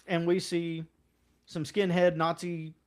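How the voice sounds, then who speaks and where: A man co-hosting a casual podcast, talking bluntly and conversationally, jumping up in pitch when he quotes others. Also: little pitch movement, slow pace, clear, resonant tone. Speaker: podcast co-host. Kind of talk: casual political podcast chat.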